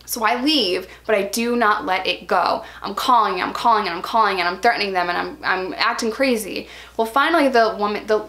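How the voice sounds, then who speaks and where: A woman's voice: mid-range voice, brisk, few pauses. A woman in her thirties telling a personal story in a casual, chatty way, full of "like" fillers and acting out what people said in a raised voice. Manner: animated, acts out quoted lines in a raised voice. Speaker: vlogger.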